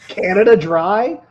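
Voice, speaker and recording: A man's voice: high voice, highs cut off. A man from Florida calling into a casual online chat, defensive and indignant, swearing as he pushes back. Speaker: caller.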